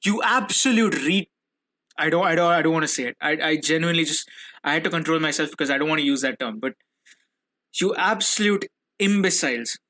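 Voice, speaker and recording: A young man with a bright, slightly high voice hosts his own football fan podcast alone. He rants hard, swears and repeats phrases when he gets worked up. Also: fairly even intonation, racing. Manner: ranting, swearing, repeats himself when angry. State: furious. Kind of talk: solo football reaction podcast.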